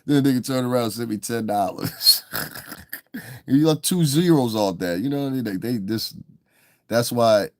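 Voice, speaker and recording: A man's voice: medium pitch, moderate pace, darkish tone, dry recording, studio quality. A man hosting a live stream, talking loosely and with lots of cursing to viewers in the chat. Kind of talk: casual live-stream commentary.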